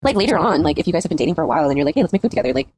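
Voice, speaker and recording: A woman's voice: sits low, expressive, very fast, a little mellow, slightly rough. A woman co-hosting a casual podcast, swearing often and acting out her own inner voice. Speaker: podcast co-host. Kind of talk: casual chat.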